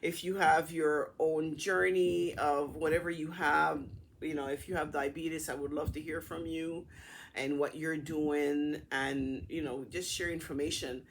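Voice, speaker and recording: A middle-aged woman casually telling a personal story to her camera in a chatty, animated way. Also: sits low, a little slow, slight background noise. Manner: chatty, animated retelling with acted-out dialogue. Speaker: vlogger.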